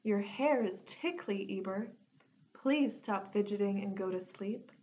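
A woman's voice: mid-range voice, a little slow, darkish tone, slight background noise, natural voice. A woman voicing a weary old grandfather who grumbles and growls at his grandson in a storybook reading. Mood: grumbling. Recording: dull lo-fi recording.

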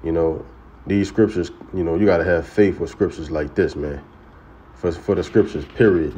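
A man teaching scripture in a casual way, often saying "man" and "you know" and chanting sacred names slowly. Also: low voice, steady tone, dark tone, breathy edge, highs cut off. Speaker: religious teacher.

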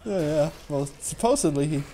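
A man co-hosting a let's play, chatting casually with a dry, deadpan sense of humor. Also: on the high side, normal speed, a little hiss or hum. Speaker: co-host. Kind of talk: casual chat over gameplay.

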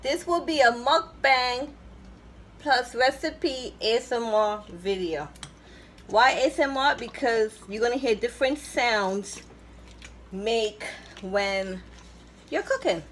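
Woman, cooking host, slightly high voice, very slow, chatty, home kitchen, faint background hiss. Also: a bit bright. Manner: chatty, repeats herself fondly. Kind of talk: casual cooking narration.

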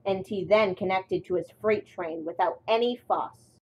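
A woman narrating a children's train story in a deliberate reading voice. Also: lowish voice, darkish tone, slight background noise, poor audio.

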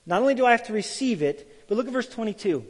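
This pastor's voice is extremely high-pitched and fast, echoing in a large hall. His sermon is animated storytelling in which he acts out the voices of the people he describes.

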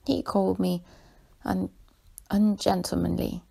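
A woman voicing a tearful, touchy young girl in a soft whispered role-play for a bedtime story. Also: low voice, lively intonation, normal speed, full character voice. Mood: indignant. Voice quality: husky, creaky whisper.

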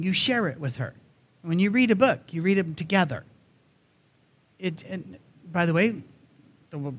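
A man with a Tennessee accent preaching a folksy sermon in a church, joking often and restarting his sentences. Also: on the high side. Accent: Southern US, Tennessee. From Nashville area, USA. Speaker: guest preacher.

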